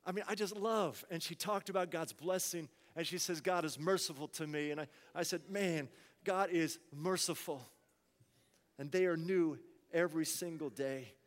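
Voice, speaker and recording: A man preaching a sermon as pastor, swinging from hushed asides to loud, pleading cries. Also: a little high, normal speed, in a large hall.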